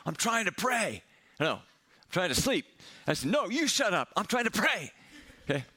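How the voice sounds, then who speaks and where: A middle-aged male pastor telling a personal story in a sermon, candid and self-mocking with quick humor. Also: on the low side, pushed and bright.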